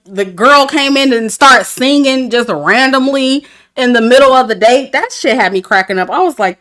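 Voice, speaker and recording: High and sharp in tone, this woman's voice carries a casual review livestream about a dating show. As a reality TV commentator, she speaks candidly to her chat and laughs a lot.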